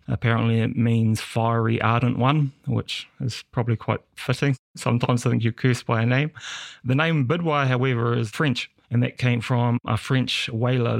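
Gravelly New Zealand man telling his story. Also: mid-range voice, no echo, clean studio sound. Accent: New Zealand English. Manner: lively storyteller acting out quoted dialogue, laughing often. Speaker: podcast guest. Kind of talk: personal storytelling.

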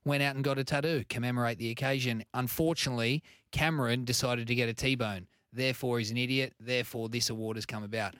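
A man's voice: mid-range voice, steady tone, fast talker, hardly any pauses, fairly bright tone, dry recording. A man with an Australian accent, co-hosting a sports radio show with dry, wisecracking remarks. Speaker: radio co-host. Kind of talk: casual sports radio banter. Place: radio studio.

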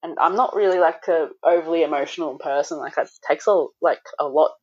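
Low-voiced woman telling her birth story candidly. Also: brisk, darkish tone, husky, muffled recording. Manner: candid, full of "like", swears now and then. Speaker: guest. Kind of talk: recounting a personal birth story.

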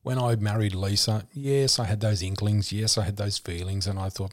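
A middle-aged man speaks in a fairly low voice, telling his story with open feeling. He stops and restarts often and uses fond words like honey and sweetheart. The sound is dry and close. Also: a little fast, hardly any pauses, no echo. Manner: emotional, warm terms like honey and sweetheart, many restarts. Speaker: podcast guest sharing his story. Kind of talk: candid conversational storytelling.

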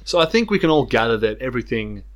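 A man's voice: medium pitch, very animated, quick pace, lo-fi sound. Laughing Australian man telling stories. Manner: laughing often, storytelling. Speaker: podcast co-host. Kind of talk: casual footy banter.

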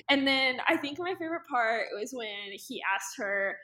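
A woman's voice: high voice, animated, normal speed, hardly any pauses, pushed and bright. A woman co-hosting a podcast in casual chat, chatty and full of "like" fillers. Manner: chatty, many "like" fillers, acts out quotes. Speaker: podcast co-host. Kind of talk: casual chat recapping a TV show.

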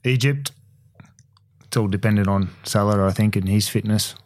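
A man with an Australian accent, a former footballer, chatting casually on a sports podcast in a relaxed, rambling way. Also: on the low side, moderate pace, dry recording, studio quality. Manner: relaxed, rambling with fillers and laughs. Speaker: former professional footballer, pundit.

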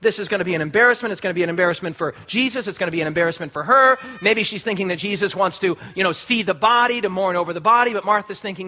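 A man preaching a sermon with passion, repeating phrases and rising to shouts for emphasis. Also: sits high, expressive, very fast, hardly any pauses, lo-fi sound.

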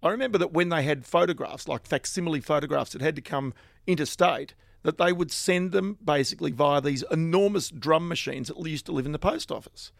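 A middle-aged Australian man recounts his early career in an animated, anecdotal way, chuckling at his own stories. His voice sits a little high with a gravelly rasp. The sound is close and dry. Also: fairly quick, no echo. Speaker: guest, finance journalist. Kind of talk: casual storytelling interview.

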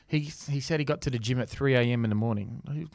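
A man with an ordinary mid-range voice, talking through sports lists on a podcast. He teases his co-host in quick, playful banter. The recording is dry and close. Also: medium pitch, vocal fry, darkish tone, no echo. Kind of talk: casual sports chat.

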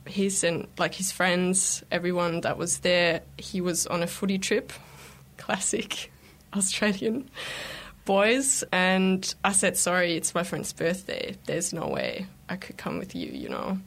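A woman's voice: lowish voice, measured pace, gravelly. A woman telling a personal story in a casual, chatty way, acting out quoted lines as she goes. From lives in London. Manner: chatty, animated retelling with acted quotes. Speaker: interviewee telling her story.

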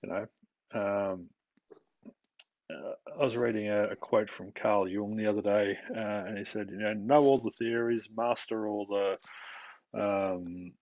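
A man, a mental health practitioner explaining his work in a calm, steady way during a podcast interview. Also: lowish voice, measured pace, no room sound. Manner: calm, explanatory, with light laughs. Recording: dry, dull lo-fi recording.

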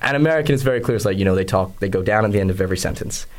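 A young man with an Australian accent talks about his stage role in a loose, conversational way. His voice sits somewhat low, and he often trails off, restarts and fills pauses as he finds his words. It sounds like a casual student radio interview. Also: lively intonation. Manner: chatty, hesitant with many fillers and restarts. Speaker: actor interviewed about a play.

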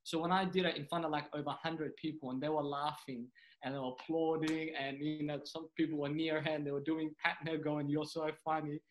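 A young man from Sudan, a stand-up comedian, telling stories in a casual, animated way and acting out the voices of people he quotes. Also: on the high side, a little fast, a little hiss or hum, rough recording. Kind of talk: casual storytelling chat.

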